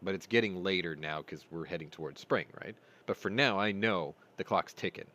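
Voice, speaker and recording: Low-voiced man telling a story. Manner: animated retelling, swearing, quick bursts. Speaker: podcast host. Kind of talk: casual storytelling chat.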